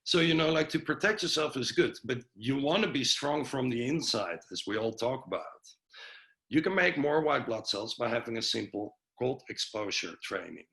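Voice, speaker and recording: A man's voice: mid-range voice, lively intonation, moderate pace, gravelly, pushed and bright, rough recording. A man giving an informal health presentation on a video call, loose and chatty with lots of fillers and restarts. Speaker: webinar presenter.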